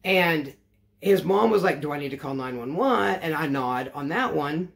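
A man's voice: a little high, animated, normal speed, vocal fry, a bit bright. A man telling a casual storytime to his vlog audience, rambling and correcting himself as he goes, wry and matter-of-fact. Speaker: vlogger.

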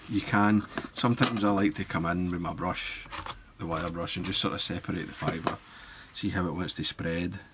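A man giving a relaxed step-by-step fly-tying tutorial, thinking aloud as he works. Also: low voice, moderate pace, few pauses, noisy background.

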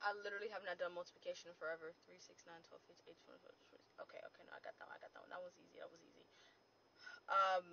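A woman from the United States in a casual comedic vlog, brash and profane, jumping from loud outbursts to low muttering. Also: fairly even intonation, racing, gravelly, slight background noise. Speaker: comedy creator. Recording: echoey room, dull lo-fi sound.

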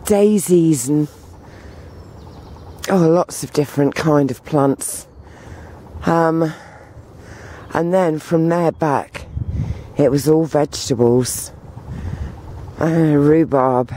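Woman vlogging while out walking, slow and rambly, soft mellow voice, faint noise behind. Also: low voice. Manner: meandering, full of pauses and fillers. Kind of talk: rambling walk-and-talk vlog. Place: outdoors on a walk.

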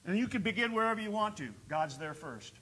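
Bright-voiced preaching pastor, swelling and dipping. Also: male voice, high-pitched, animated, brisk. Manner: preaches with rising bursts and quiet storytelling dips. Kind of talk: sermon. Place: church sanctuary.

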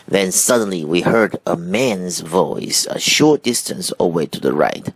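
Man reading a children's story, very deep, gravelly, slow, lively pitch, dry close sound. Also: no room sound. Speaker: reader. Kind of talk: storybook read-aloud.

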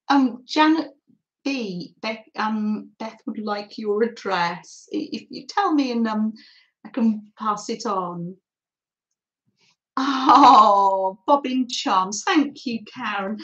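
A middle-aged woman hosting a live craft session, chatting warmly to viewers and reading their comments as she works. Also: on the high side, lo-fi sound. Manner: friendly, reads out chat comments while crafting. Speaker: craft livestream host.

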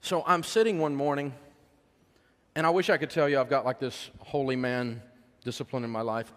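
Middle-aged american guy preaching, folksy, gets loud then goes real soft, mid voice, big hall reverb. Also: medium pitch, fairly even intonation, normal speed. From United States. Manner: folksy, emotional, swings between loud preaching and soft hush. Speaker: speaker on faith and money. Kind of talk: sermon-style storytelling talk.

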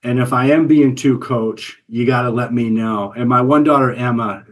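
A man's voice: mid-range voice, normal speed. A man in his forties, a guest on a podcast, talking earnestly about parenting and often repeating words as he talks. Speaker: podcast guest, business coach and father. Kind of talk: casual interview conversation.

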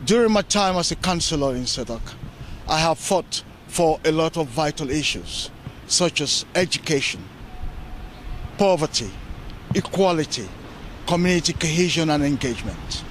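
A man from Sierra Leone, a local councillor, answering interview questions in a measured way and repeating words as he finds his phrasing. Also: a little high, expressive, slight background noise. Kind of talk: interview answers; opening lines a prepared campaign statement.

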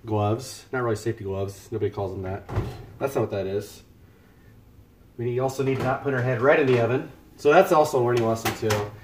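Guy cooking in his kitchen on a headset, goofy rambling stream chat, normal pitched voice. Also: background noise. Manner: joking, rambling, talks to chat viewers. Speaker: live-streaming home cook. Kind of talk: casual live-stream chat. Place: home kitchen.

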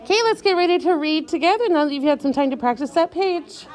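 A woman teacher leading a reading lesson for young children, talking slowly and clearly and drawing out each word patiently. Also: high-pitched, animated, a little mellow.

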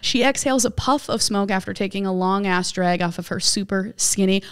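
A woman's voice: medium pitch, fairly quick, smooth. A woman comedian reading her own comedy script aloud as narration, often laughing at her own jokes.

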